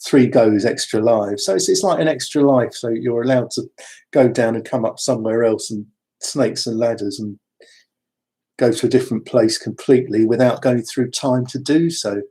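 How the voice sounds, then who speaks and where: A man talks about the spirit in a loose, rambling way and wanders into asides. His voice is mellow and a little husky. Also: mid-range voice, normal speed. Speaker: spiritual speaker. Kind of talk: casual spiritual talk.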